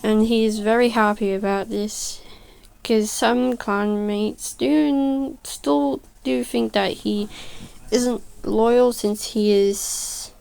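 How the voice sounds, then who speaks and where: A woman casually narrating a speedpaint video, halting and stuttering, correcting herself as she goes, and sounding tired. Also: fairly high pitch, steady tone, vocal fry, darkish tone, clear, resonant tone. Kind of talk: casual voice-over storytelling.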